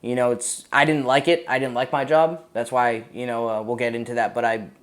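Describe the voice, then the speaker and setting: A man's voice: mid-range voice, little pitch movement, brisk. A man in his thirties with a Massachusetts accent, a Marine veteran telling stories in a casual, profane, rambling way. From Massachusetts, USA. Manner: profane, rambling, laid-back, frequent "man" and "you know". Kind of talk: casual storytelling interview.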